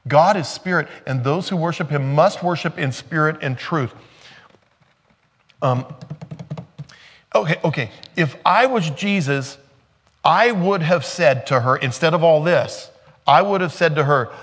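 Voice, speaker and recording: A man's voice: fairly high pitch, lively intonation, measured pace, pauses often, a bit bright, breathy edge, in a large hall. Conversational man preaching a sermon. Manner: conversational, joking asides with laughter. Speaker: pastor.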